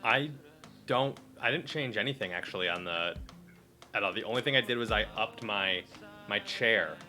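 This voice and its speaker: A man's voice: on the low side, moderate pace, pushed and bright, soft background music. A man co-hosting a casual live stream, joking and rambling in a self-deprecating way. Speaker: co-host.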